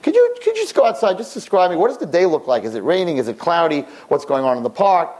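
A man's voice: fairly high pitch, wildly swooping pitch, quick pace, a little mellow, rough recording. A man voicing an old blind man in a nursing home who pleads and repeats himself insistently. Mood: pleading.

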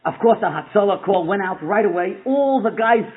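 A man telling a story to a live audience in an animated way, sprinkling in Yiddish and Hebrew words. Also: high-pitched, moderate pace. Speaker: public speaker. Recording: tinny phone-like sound.

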